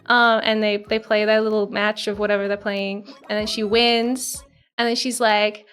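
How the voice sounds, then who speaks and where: A woman's voice: medium pitch, little pitch movement, moderate pace. A young woman streamer chatting casually and rambling through a story, with lots of fillers and giggles. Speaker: virtual streamer. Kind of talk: casual live-stream chat. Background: soft background music.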